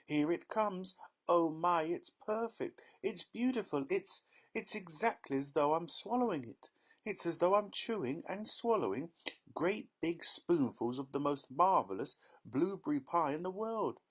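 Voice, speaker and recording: A man's voice: a little high, expressive, a little slow, voice pushed up. Give me a man doing a bratty, gushing spoiled girl. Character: spoiled, bossy young girl chewing gum.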